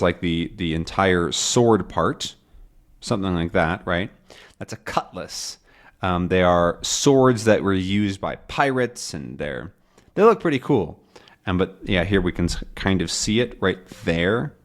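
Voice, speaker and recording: Chatty man explaining a comic strip. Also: deep voice. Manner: loose, chatty, with fillers. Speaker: English teacher.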